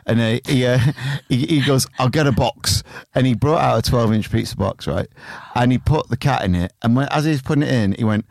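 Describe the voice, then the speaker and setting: A man's voice: mid-range voice, brisk, vocal fry, hardly any pauses, a little mellow, no room sound, clean studio sound. A man co-hosting a casual comedy podcast, telling rambling, sweary anecdotes. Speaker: podcast co-host.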